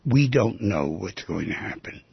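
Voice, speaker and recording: A man hosting a call-in advice radio show, talking in an animated, emphatic way with storytelling asides. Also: deep voice, measured pace. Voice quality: very husky, gravelly voice. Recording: dull, lo-fi radio audio.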